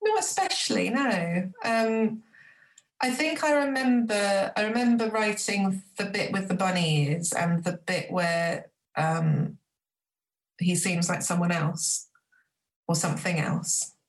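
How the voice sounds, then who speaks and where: A woman novelist reading from her own book with measured, reflective delivery, then talking about the writing. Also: medium pitch. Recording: roomy echo.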